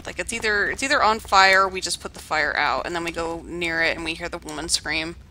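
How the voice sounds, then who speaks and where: A young woman talks through a video game as she plays it on stream, relaxed and musing. Her voice sits a little low for a woman. Clear background noise sits under her voice. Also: fairly quick. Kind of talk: let's play commentary.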